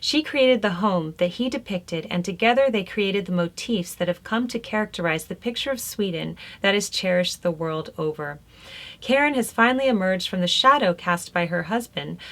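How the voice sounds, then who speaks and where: A woman's voice: lowish voice, fairly bright tone. A woman hosting a lifestyle video, reading art history notes aloud and breaking off for casual, chatty asides. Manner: conversational, chatty, laughs between remarks. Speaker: host.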